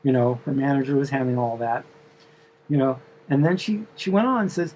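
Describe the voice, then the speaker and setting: A man's voice: medium pitch, animated, fairly quick, a little mellow, dull audio. A man telling the story of a dream in a casual, meandering way, full of fillers and asides.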